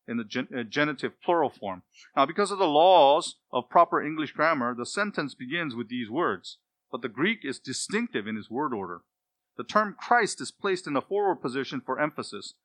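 A man preaching an expository sermon, stressing key words by repeating them and dropping to quiet asides. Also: medium pitch, no room sound. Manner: emphatic, repeats key words, swings between loud stress and hushed asides. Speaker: pastor.

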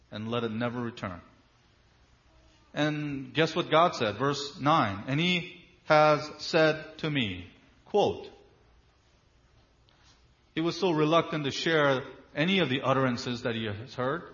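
A man delivers a sermon in a mid-range voice. He stresses key words emphatically, drawing them out slowly, and keeps turning to rhetorical questions. The recording sounds slightly dull and muffled. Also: medium pitch, a bit bright. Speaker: preacher.

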